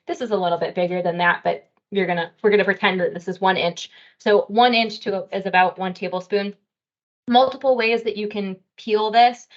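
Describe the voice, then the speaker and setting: A woman's voice: medium pitch, dull audio. A woman dietitian teaching a cooking class, explaining each step in a casual, friendly way with a few fillers.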